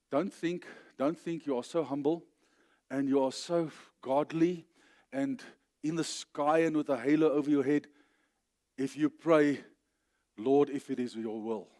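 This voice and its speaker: A middle-aged man with a South African accent preaching a sermon in church, swinging from loud declarations down to quiet asides. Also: a little slow, long pauses. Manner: emphatic, rising to loud declarations then dropping low. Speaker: pastor.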